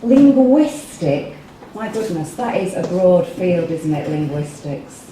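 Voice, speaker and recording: A woman's voice: lowish voice, very animated, slow, warm tone, slight background noise. English woman, workshop speaker, asks the room questions, very echoey, distant mic. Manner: chatty, asks the audience questions. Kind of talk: interactive talk to a small group. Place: meeting room with a live audience.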